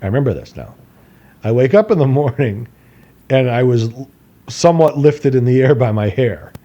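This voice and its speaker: A man's voice: mid-range voice, very animated, moderate pace, mellow, dull audio. A man co-hosting a podcast, telling a long personal story in a rambling, casual way with frequent laughs. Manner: rambling, laughs often, acts out quotes in a raised voice. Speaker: podcast co-host.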